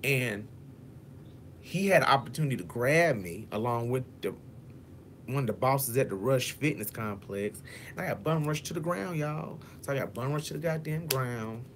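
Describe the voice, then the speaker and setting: Speaking at normal speed with lively intonation, a man with a mid-range, slightly bright voice tells his viewers a story in an animated storytime vlog. He curses a lot, addresses them as "y'all," and dramatically acts out each quote in different voices; a little hiss or hum is audible.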